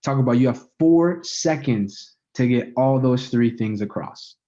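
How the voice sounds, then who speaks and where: A man's voice: mid-range voice, animated, unhurried, warm tone. A man in a mid register runs a casual training session on persuasive speaking, talking loosely with fillers and frequent "right?" checks. The recording is dull and lo-fi. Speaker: sales communication trainer. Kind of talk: casual spoken training talk.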